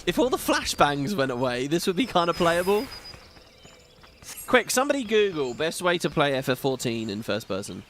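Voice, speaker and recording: A man's voice: a little high, big pitch swings, moderate pace, fairly bright tone, a little hiss or hum. A man hosting a gaming video, giving rambling, opinionated playthrough commentary. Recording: game music behind voice.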